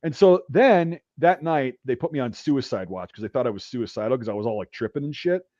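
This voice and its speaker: A man's voice: medium pitch, expressive, brisk, mellow, dry recording. A man hosting a podcast, telling a rambling war story in casual, profanity-heavy talk. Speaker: podcast host. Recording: dull dry recording.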